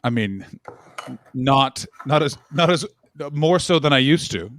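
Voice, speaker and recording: A man with a North American accent hosting a casual chat stream, joking and animated. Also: mid-range voice, a little hiss or hum. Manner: quick, joking, animated asides. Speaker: host.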